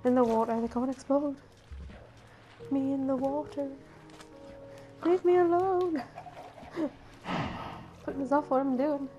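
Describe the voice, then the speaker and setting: A woman with a high voice, still a little rough after a cold, talks her way through a game for her channel. She giggles easily and coaxes the creatures on screen in a sing-song voice. Game music plays clearly behind her. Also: steady tone, moderate pace, warm tone, muffled recording. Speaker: gaming channel host. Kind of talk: casual gameplay commentary.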